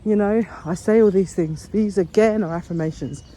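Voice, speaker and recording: A woman vlogger walks along an outdoor path, talking earnestly and encouragingly in a casual walk-and-talk video and rambling a little as she goes. Her voice is mid-range and dark-toned, at a moderate pace.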